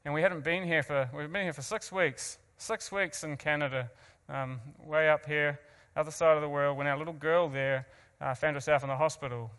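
A man's voice: on the high side, fairly even intonation, normal speed, few pauses, fairly bright tone, clear, resonant tone. New Zealand man, earnest testimony, reverberant hall. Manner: earnest, self-mocking asides, frequent restarts. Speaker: guest speaker. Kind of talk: personal testimony to an audience.

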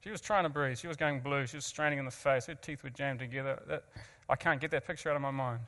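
A man's voice: mid-range voice, fast, pushed and bright. New Zealand man, earnest testimony, reverberant hall. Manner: earnest, self-mocking asides, frequent restarts. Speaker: guest speaker. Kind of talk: personal testimony to an audience.

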